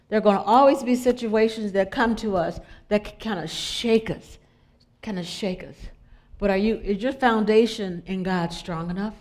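A middle-aged woman preaching an inspirational sermon, talking conversationally, putting questions to her listeners and dropping into soft, prayerful asides. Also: medium pitch, moderate pace. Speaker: spiritual speaker.

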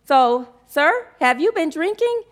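A man's voice: very high voice, sing-song, takes it slowly, fairly bright tone, voice pushed up, full character voice. A woman retelling a joke as a suspicious policeman. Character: male police officer questioning a driver.

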